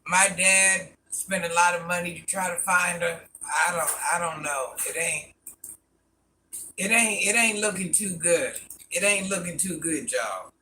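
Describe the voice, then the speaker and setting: A man's voice: sits high, a little slow, sharp tone, slight background noise. A man rambling through a casual live stream, answering viewer comments and talking to people off camera in a folksy way.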